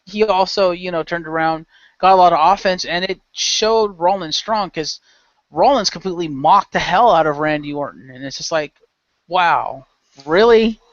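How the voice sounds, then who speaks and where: A man's voice: high voice, normal speed, no echo. A man hosting a casual podcast chat, rambling through stories with lots of fillers. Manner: rambling, filler-heavy storytelling. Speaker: podcast host. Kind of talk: casual chat recapping wrestling. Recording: dull, dry lo-fi podcast audio.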